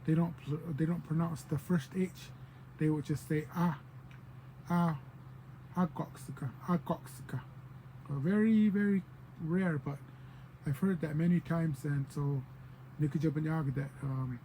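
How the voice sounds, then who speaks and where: A man with a somewhat high, mellow voice gives a loose, informal language lesson. He wanders between examples and fills pauses with "um," slipping into playful voices when he quotes people. A faint hiss sits behind him. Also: low-quality recording. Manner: relaxed and digressive, with many fillers and playful quoted voices. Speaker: language teacher.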